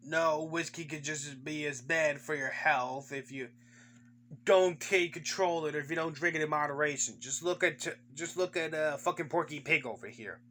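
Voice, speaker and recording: High-voiced swearing male commentator. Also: normal speed, pushed and bright, a little hiss or hum. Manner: heavy swearing, taunting repetition. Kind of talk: profane mocking commentary.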